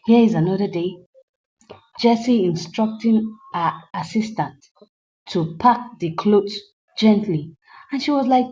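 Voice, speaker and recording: Woman, film recap narrator, warm mellow tone, earnest asides, slightly muffled lo-fi sound. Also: mid-range voice, unhurried, long pauses. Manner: earnest, moralizing asides to viewers. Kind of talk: storytelling film recap with commentary.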